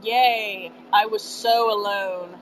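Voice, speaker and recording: Slow-talking giggly Kentucky woman. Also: medium pitch, fairly even intonation, low-quality recording. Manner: giggly, exclaims a lot. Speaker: podcast co-host. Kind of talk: casual chat on a call. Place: indoors. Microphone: call audio.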